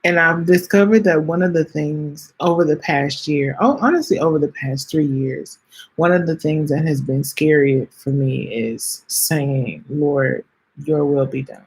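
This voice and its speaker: A woman in her late twenties hosts a podcast and talks slowly and earnestly, on the edge of tears. Her voice is husky and a little breathy, and she stops, restarts and repeats herself as she speaks straight to her listeners. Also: deep voice. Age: late 20s. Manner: halting, earnest, repeats phrases, addresses listeners as y'all. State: close to tears. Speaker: podcast host. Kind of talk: heartfelt personal reflection.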